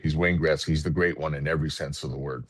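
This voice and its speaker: A man from Canada with a very deep, low voice tells stories in a relaxed podcast chat. He sounds moved and halting, often stumbling over repeated words. The sound is dry and close. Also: slightly rough, dry recording. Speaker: podcast guest, retired hockey player. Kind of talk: casual storytelling.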